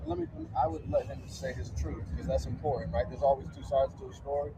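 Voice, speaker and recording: A man talks quickly in a calm, reasoning, conciliatory way, his voice sitting a bit high. He stands by a car out on a street. He is picked up from some distance, with clear street noise around him.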